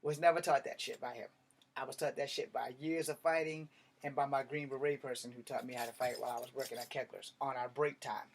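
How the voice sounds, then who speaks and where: A man telling a personal story in a blunt, profane, animated way. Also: medium pitch, brisk, a little hiss or hum. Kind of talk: casual storytelling monologue.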